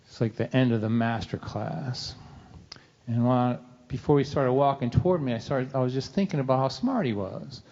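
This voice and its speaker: A man's voice: medium pitch, normal speed, a little mellow. A middle-aged man telling a comic story live, wry and self-mocking. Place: church hall venue. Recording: dull sound with long hall reverb.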